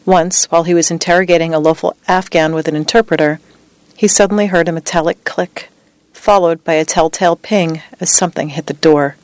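A woman reading a true story as scripted narration, with a measured, even delivery. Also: lowish voice, dry recording.

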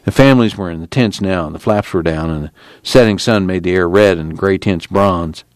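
A man with a somewhat low voice narrates a novel at an even, measured pace. The recording is close and dry, with no room sound. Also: dry recording. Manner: steady, measured storytelling. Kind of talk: audiobook narration.

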